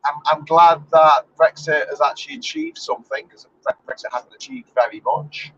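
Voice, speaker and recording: A man's voice: on the high side, big pitch swings, moderate pace, fairly bright tone, lo-fi sound, slight background noise. A man, talking to his live stream from inside his car as he drives, rambling in a sarcastic, swearing, offhand way. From England. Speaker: vlogger. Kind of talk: casual live-stream driving monologue. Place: inside a car while driving.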